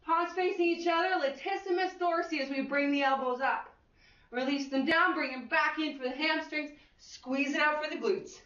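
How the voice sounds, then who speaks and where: High, bright-voiced woman fitness instructor. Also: normal speed. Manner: upbeat, counts reps, whoops. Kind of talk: guided exercise class cueing. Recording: echoey room, far from the mic, dull lo-fi.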